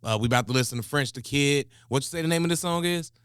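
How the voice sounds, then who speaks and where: A man hosting a music reaction show in casual chat, laid-back and chuckling, giving shout-outs. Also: mid-range voice, fast, clean tone, dry recording, studio quality.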